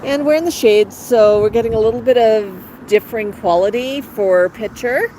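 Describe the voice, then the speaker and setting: A woman's voice: on the high side, moderate pace, warm tone, poor audio. A woman hosting a casual phone livestream outdoors, chatting with viewers and coaxing her parrots in a playful sing-song. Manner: chatty, coaxing baby talk to her birds. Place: outdoor patio in the shade. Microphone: cell phone. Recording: outdoor phone audio with faint traffic.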